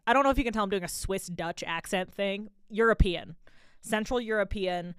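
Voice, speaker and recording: A woman's voice: medium pitch, moderate pace, clear, resonant tone, no echo, studio quality. A young woman DJ chatting casually on her radio show, rambling through stories with laughs in between. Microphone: studio mic.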